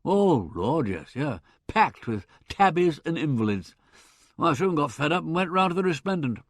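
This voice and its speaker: A brash young Englishman telling his story in an audiobook, voiced by a male reader. He blusters along in a lively, bouncing voice pitched a little high. He sounds crisply dry and close. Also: moderate pace, dry recording. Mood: chatty. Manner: blustering, chatty, laughs loudly. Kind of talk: audiobook character voice.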